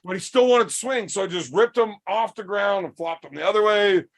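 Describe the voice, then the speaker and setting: A man hosting a podcast, telling a story in a casual, profane and animated way. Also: sits high, fairly quick. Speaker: podcast host.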